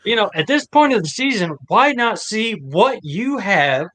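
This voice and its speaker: Bright, high-voiced excitable sports-talk man. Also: a little slow. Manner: excitable, playful, defensive banter. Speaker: podcast co-host. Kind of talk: casual sports chat.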